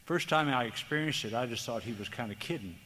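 Male preacher, mid-pitched; earnest, tender sermon delivery; reverberant sanctuary. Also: expressive, bright, forceful tone. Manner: earnest, tender, slow, emphatic. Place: church hall. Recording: long hall reverb, faint background noise.

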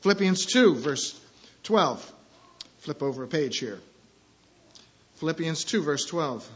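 High-voiced man preaching with loud swells. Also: lively intonation, takes it slowly, muffled recording. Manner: swings from quiet asides to loud emphatic scripture reading; repeats key phrases for emphasis. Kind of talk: sermon.

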